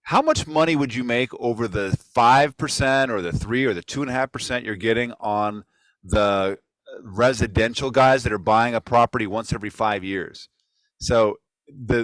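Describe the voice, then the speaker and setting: A man's voice: lowish voice, fairly bright tone, no echo, rough recording. A man hosting a casual online real estate talk, making blunt, emphatic points. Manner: emphatic, preachy opinions. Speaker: podcast host.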